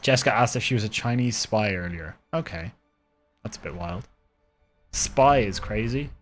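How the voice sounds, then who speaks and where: A man's voice: fairly low pitch, expressive, normal speed, soft background music. A man streaming a game live from his own room, rambling casually and chatting with his viewers. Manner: rambling, chatty, talking to chat.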